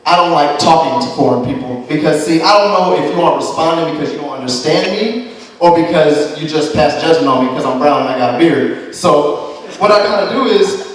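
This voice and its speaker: A young man tells profane stand-up stories with lively impressions. His voice sits on the higher side. It carries from a distance across a roomy hall with a long echo. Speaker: stand-up comedian. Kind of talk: stand-up routine. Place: comedy club stage. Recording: echoey room from far off. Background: audience laughter.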